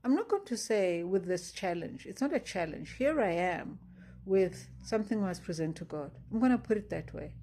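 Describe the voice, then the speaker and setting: A woman's voice: mid-range voice, animated, normal speed, mellow, a little hiss or hum. A woman talking through her faith in a casual diary-style vlog, earnest and rambling. She stops herself often and sounds anxious, close to panic. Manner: earnest, rambling, self-interrupting. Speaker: faith vlogger.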